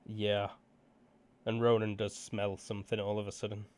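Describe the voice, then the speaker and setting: A man narrating as game master of a tabletop game, measured and unhurried with small fillers. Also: on the low side, level tone.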